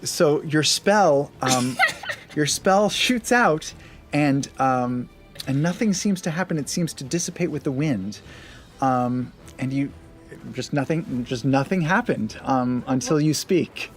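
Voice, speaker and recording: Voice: medium pitch, takes it slowly, faint music behind. Giggly game master. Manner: chatty, laughing, full of fillers and restarts. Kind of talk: running a tabletop game.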